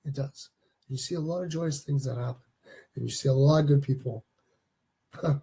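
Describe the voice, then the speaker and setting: Husky, mellow-voiced man hosting a live stream. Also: mid-range voice, moderate pace. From Canada. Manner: rambling, chatty, reads live comments aloud. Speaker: host of a live stream show. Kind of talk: casual live-stream chat. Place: home studio.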